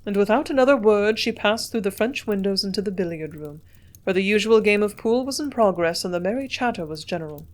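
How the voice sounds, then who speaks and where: A woman reads a classic novel aloud in a measured, steady manner, her pitch sitting in an ordinary middle range. The delivery stays even and unhurried, well suited to a long audiobook chapter.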